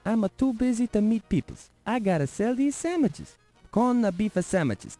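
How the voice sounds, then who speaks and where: A man's voice: high-pitched, very animated, normal speed, warm tone. A grumpy Italian sandwich vendor from a 1990s adventure game, hawking his wares in broken grammar with a thick accent. His voice swoops widely up and down, with faint music underneath. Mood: dismissive. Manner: pushy hawking sales patter. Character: pushy, grumpy male street sandwich vendor.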